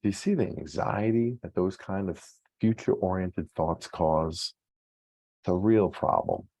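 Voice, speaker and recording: A man's voice: sits low, measured pace, vocal fry, mellow, no echo, lo-fi sound. A male psychologist giving an earnest, encouraging self-help talk on weight loss, often checking in with the listener.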